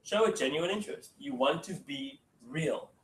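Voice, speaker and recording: A man's voice: fairly high pitch, expressive, moderate pace, a bit bright, slight background noise. A man giving a casual sales training talk to a room. He keeps saying "okay" and acts out phone calls. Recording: echoey room, mic from far off.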